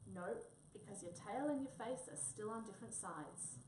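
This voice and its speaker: A woman voicing a gentle, anxious male wombat who talks earnestly, recorded from a distance in a roomy space. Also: medium pitch, expressive, moderate pace, noisy background, close to an everyday voice. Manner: fretful, earnest. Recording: roomy, distant mic, faint ambience.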